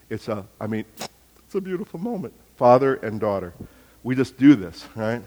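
A man's voice: medium pitch, normal speed, a little mellow, big-room sound. A middle-aged man preaching a sermon, telling family stories with acted-out dialogue and building to emphatic points. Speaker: pastor.

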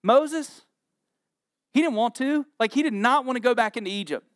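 A man's voice: very high voice, normal speed, dry recording, studio quality. A man in his forties preaching a sermon, telling scripture stories with humor and acted-out voices. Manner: animated, joking storyteller with acted-out voices. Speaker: pastor.

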